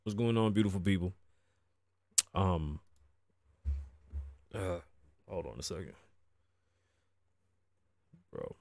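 A Puerto Rican man in his thirties hosts a casual podcast, chatting loosely with plenty of profanity and Spanish asides. His low, gravelly voice is a little mellow, and he speaks slowly with long pauses. There's no echo.

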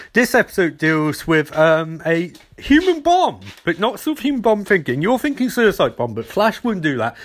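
A man talks his way through a TV episode recap in a loose, rambling manner. His voice sits a little high. The recording is dry and close, with no room sound. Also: a bit bright, no echo. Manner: chatty, rambling, acts out quoted lines. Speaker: podcast host recapping episodes. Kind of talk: casual solo recap.

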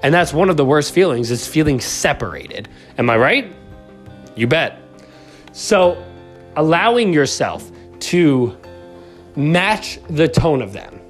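A man giving a motivational talk on communication, animated and casual, often checking in with the listener. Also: on the high side, slow, long pauses, soft background music. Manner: animated, acts out quoted voices, says "right?" often. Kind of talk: motivational self-help talk.

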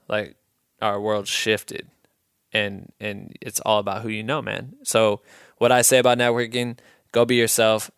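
A young podcast host from Iowa, USA, delivers a casual storytelling monologue in a lowish, clear, resonant voice, recorded with studio quality and no echo. His telling is rambling, profane, loose and animated.

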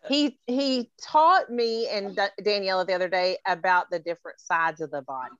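A woman's voice: mid-range voice, normal speed, fairly bright tone, smooth, no room sound, dull audio. A middle-aged woman hosting a podcast in casual chat, playful and teasing, laughing often. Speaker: podcast host.

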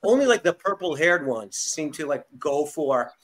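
A man on a podcast talking in casual chat, halting and full of fillers. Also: a little high, sing-song, a bit bright. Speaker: podcast co-host.

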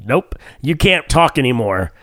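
A man's voice: mid-range voice, sing-song, unhurried, fairly bright tone, no echo. A man co-hosting a podcast, telling a story in casual banter and laughing often as he reads out text messages. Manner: laughs often while reading out texts. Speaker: podcast co-host.

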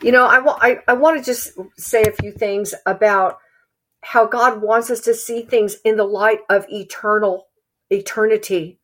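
Woman, sermon, earnest, halting, repeats lines for emphasis, mid-pitched voice. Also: fairly even intonation, a bit bright. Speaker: preacher.

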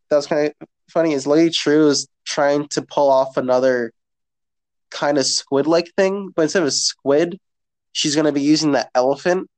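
A man chatting casually about a TV show, loose and profane, rambling with fillers. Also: a little high. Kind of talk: casual chat.

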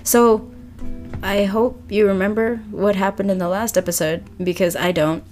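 A woman's voice: mid-range voice, fairly even intonation, moderate pace, a little mellow, faint music behind. A young woman chatting casually, self-mocking and swearing, before reading a story aloud. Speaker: story reader. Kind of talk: casual chat.

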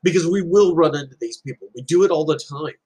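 A man with children gives an earnest, reflective motivational talk offering life advice, using stories and parables to make his points. He talks fast in a higher-than-average voice that is a little mellow and slightly rough, and the audio is poor.

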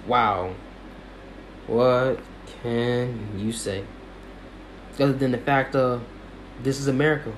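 A man's voice: medium pitch, slight background noise. A man giving impassioned spoken commentary, repeating his points in a preacher-like cadence. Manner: repetitive, emphatic, preacher-like cadence.

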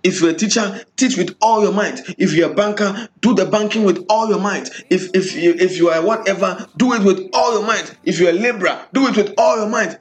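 A man preaching a sermon, building repeated refrains with rhythmic emphasis. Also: sits high.

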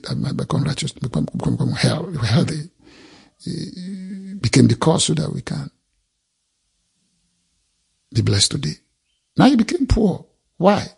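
Male preacher, raspy and gravelly, emphatic sermon delivery with repeated phrases. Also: medium pitch, darkish tone. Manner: reads scripture aloud and expounds it.

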